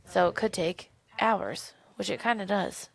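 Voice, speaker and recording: A young woman co-hosting a podcast, retelling a book's plot in a chatty, animated way with many fillers. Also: medium pitch, unhurried, gravelly. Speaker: podcast co-host. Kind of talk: casual book discussion.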